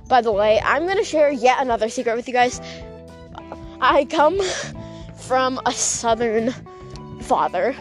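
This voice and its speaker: A woman telling a rambling story while she walks outdoors at night. She giggles often and fills her speech with "like". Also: high voice. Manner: rambling, giggly, full of fillers like "like". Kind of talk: casual vlog storytelling.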